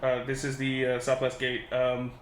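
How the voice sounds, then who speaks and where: A man voicing a panicked male gate guard calling over a radio, stammering and halting. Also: mid-range voice, completely flat delivery, roomy sound, faint music behind, natural voice. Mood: urgent.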